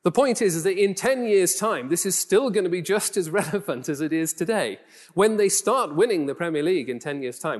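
A man's voice: fairly high pitch, big pitch swings, moderate pace. A man from Newcastle with a toned-down Geordie accent, preaching a conversational sermon full of rhetorical questions and self-deprecating asides. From Newcastle, England. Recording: long reverb of a church hall.

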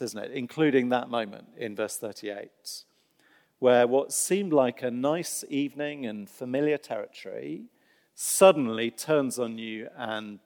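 A man's voice: medium pitch, vocal fry. A man delivers a sermon in a mid-range voice, moving between vivid storytelling and wry asides. His words ring out with a long reverb, as in a large church hall. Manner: storytelling, animated, self-deprecating humor. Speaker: preacher.

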